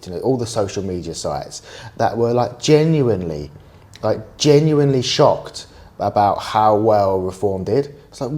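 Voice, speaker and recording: A man's voice: lowish voice, animated, a little slow, a little mellow. A young man, co-hosting a casual podcast, rambling with frequent restarts and swearing. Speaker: podcast co-host. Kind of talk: casual banter.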